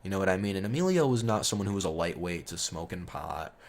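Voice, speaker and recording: Low-voiced man telling a profane story. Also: animated, quick pace. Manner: profane, rambling, chuckles mid-sentence. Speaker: storyteller host. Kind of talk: casual storytime monologue.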